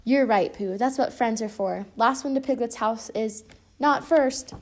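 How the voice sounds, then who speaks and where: A woman voicing a lively, playful male tiger in a read-aloud storybook. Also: medium pitch, moderate pace, gravelly, slightly rough. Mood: cheerful. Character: bouncy, boisterous male tiger.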